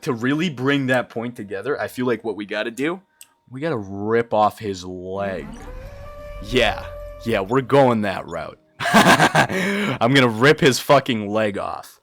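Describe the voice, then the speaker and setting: A young man from Brazil doing live gameplay commentary as a streamer, excitable and quick to swear and yell. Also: medium pitch, faint music behind. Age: young adult. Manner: excitable, swears often, yells and laughs in frustration.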